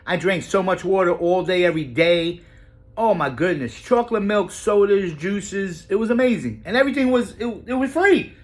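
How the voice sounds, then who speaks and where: Guy telling a crazy story to camera, voice swinging all over, kinda high, swears a lot. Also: normal speed. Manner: animated, profane, jumps pitch for emphasis. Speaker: vlogger telling a personal story. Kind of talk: casual storytelling.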